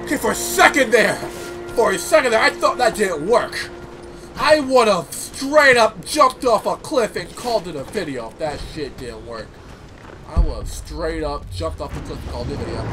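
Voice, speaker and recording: A man hosting a gameplay commentary video, excitable and swearing, with stammering repeats and shouted outbursts. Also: high-pitched, normal speed. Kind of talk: let's play commentary. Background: game music and sounds.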